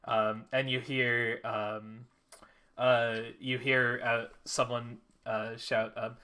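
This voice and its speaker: Slow, halting game master man. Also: mid-range voice, flat delivery, sharp tone, clear, resonant tone. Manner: halting, filler-heavy narration. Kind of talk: narrating a tabletop game.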